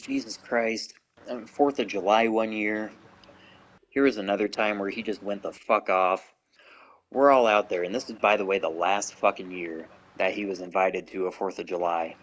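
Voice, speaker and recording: A man hosting his channel, telling a family story casually to camera, with constant swearing and rambling asides. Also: on the low side. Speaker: gaming channel host.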